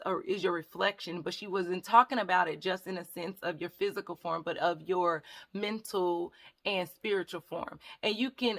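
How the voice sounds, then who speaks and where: A woman's voice: mid-range voice, creaky, pushed and bright. A woman vlogger chatting to her viewers in a casual, rambling storytime, often calling them y'all. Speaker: hair vlogger.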